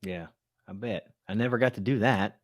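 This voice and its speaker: Middle-aged host, relaxed rambling interviewer, dry close sound. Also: male voice, on the low side, moderate pace, dry recording. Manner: friendly, rambling questions, laughs easily. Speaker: podcast host. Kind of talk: casual podcast interview.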